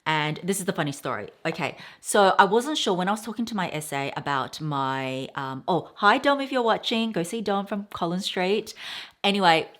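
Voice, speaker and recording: A woman in her thirties talks casually to her viewers, rambling from one thought to the next. Her voice sits slightly low, and she tells stories with plenty of asides. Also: expressive, moderate pace, a bit bright. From Australia. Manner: chatty, rambling, storytelling with quoted voices. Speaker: vlogger. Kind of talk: casual haul chat.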